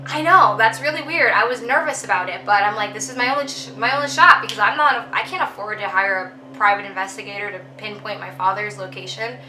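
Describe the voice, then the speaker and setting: Young woman vlogger, bright voice, echoey room, chatty story-time delivery. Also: medium pitch, fast talker, hardly any pauses, slight background noise. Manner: chatty, lots of ums and you knows.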